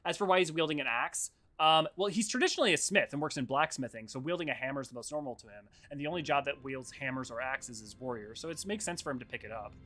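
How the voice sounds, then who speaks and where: A man streaming a game and chatting casually about its lore, animated and self-deprecating, quick to react to his viewers. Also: mid-range voice. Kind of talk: casual live-stream commentary.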